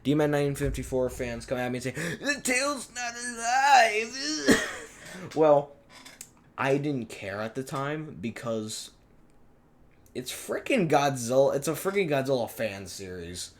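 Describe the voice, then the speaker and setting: A man's voice: mid-range voice, animated, moderate pace. A man giving a rambling, self-deprecating director's commentary on his own fan series, often unsure of himself.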